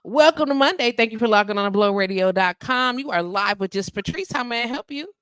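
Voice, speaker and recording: A woman hosting a live internet radio show in casual chat. She is sassy and animated, and she acts out the people she talks about in quoted voices. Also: a little high, brisk, smooth, no room sound, studio quality.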